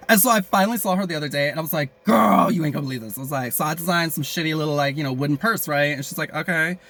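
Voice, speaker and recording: A man's voice: a little high, racing, pushed and bright. A man rambling crudely and jokingly in a casual vlog, with many fillers and asides. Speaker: vlogger.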